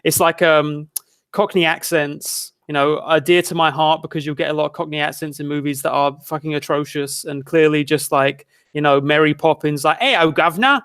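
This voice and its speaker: A man's voice: fairly high pitch, level tone, moderate pace, a bit bright, clear, resonant tone, dry recording, clean studio sound. A man speaking as a guest in a casual discussion, in an easygoing conversational way with some casual swearing. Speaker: guest video critic. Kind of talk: casual chat.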